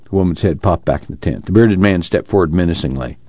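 A man narrates an audiobook in a steady, measured way. His voice is very deep. The recording is dry and a little dull. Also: no room sound. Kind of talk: scripted narration.

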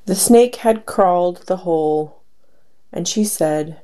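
A woman reading her poems aloud in a slow, measured recitation with pauses between lines. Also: on the low side, warm tone, low-quality recording. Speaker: poetry reader.

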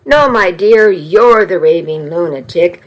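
A blustering middle-aged father, blunt and sarcastic, ready to fight for his daughter, as a woman reading a story voices him. The delivery is unhurried and steady. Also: fairly low pitch, highs cut off.

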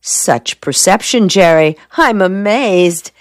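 A woman's voice: mid-range voice, lively intonation, slow pace, no echo, studio quality, pitched above the performer's own voice. A woman reading the lines of a teasing, evasive young woman in an audiobook, with a mocking, drawling manner.

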